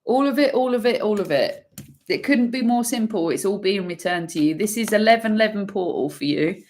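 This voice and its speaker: A woman giving an intuitive tarot energy reading, emphatic and swearing freely, pausing and restarting as she pulls cards. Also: mid-range voice, animated, a little mellow, slight background noise. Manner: pauses and restarts while pulling cards. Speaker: tarot reader.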